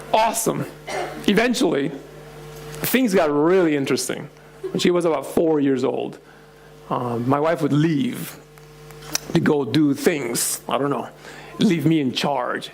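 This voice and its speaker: Middle-aged male pastor, animated storyteller with a fairly high voice who laughs as he acts out voices. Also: vocal fry. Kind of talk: storytelling sermon to young adults.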